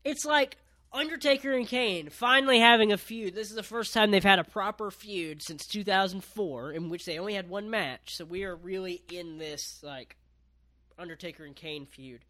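A man's voice: sits high, moderate pace, sharp tone. A man casually recapping a wrestling match on a podcast, laid-back, with lots of ums and casual swearing.

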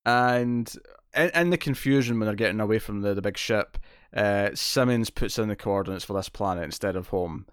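A man's voice: lowish voice, normal speed, fairly bright tone, smooth, no echo, studio quality. A Scottish man co-hosting a podcast, chatting casually and often restarting his sentences. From Scotland. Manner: chatty, self-interrupting, laughs often. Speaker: podcast co-host. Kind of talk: casual chat.

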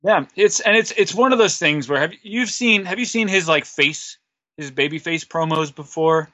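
A man's voice: fairly high pitch, moderate pace, sharp tone, no echo, lo-fi sound. A man on a podcast as a guest, telling a rambling, self-deprecating story full of fillers. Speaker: podcast guest, wrestler and musician. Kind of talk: casual interview storytelling.

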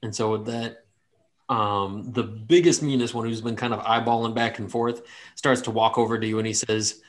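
A man's voice: fairly low pitch, fairly even intonation, normal speed. A man narrating a tabletop game as game master in a casual, rambling way with many fillers.

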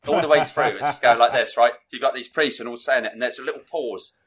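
Bright-voiced, excitable man. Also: medium pitch, fast talker, husky. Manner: rambling, excitable retelling with laughs. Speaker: film reviewer guest. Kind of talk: casual chat.

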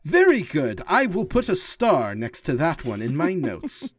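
A man voices an earnest, formal construct who takes his own poetry very seriously. The delivery is polite, literal and precise, pitched a bit above his usual voice, with a lively rise and fall. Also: unhurried, exaggerated voice.

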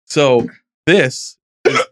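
A man's voice: mid-range voice, drawn-out words, fairly bright tone, dry recording, clean studio sound. A man hosting a podcast, chatting casually and teasing the others with jokes. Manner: joking, teasing. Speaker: podcast host.

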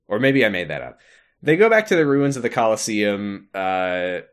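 A man's voice: fairly low pitch, sing-song, normal speed, a bit bright, clean tone. A man co-hosting a podcast, chatting casually about a video game, laughing often and acting out the characters' lines. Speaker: podcast co-host.

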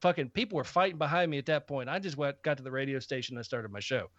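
A man's voice: medium pitch, fast talker, a bit bright, dry recording. Blunt, profane man in his fifties. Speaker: podcast co-host. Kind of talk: casual chat, storytelling. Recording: slightly muffled podcast audio.

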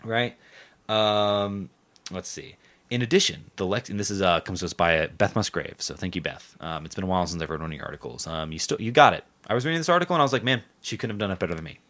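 A man hosts a podcast, rambling sarcastically about local news in a casual chat full of swearing. His voice is deep and a bit bright, and he talks fast.

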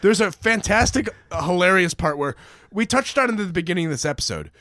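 A man with a high, light voice talks loosely and animatedly about a film, swearing freely and slipping into mock voices. The sound is close and dry, with no room around it. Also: animated, fast talker, bright, forceful tone, dry recording. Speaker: podcast co-host. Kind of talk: casual movie chat.

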